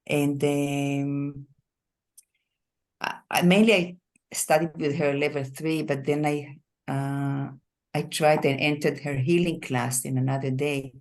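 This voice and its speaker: A woman giving a soft, warm-hearted tribute on a video call, laughing now and then and repeating words. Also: sits low, steady tone, slow pace. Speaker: qigong student at a memorial meeting. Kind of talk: personal tribute.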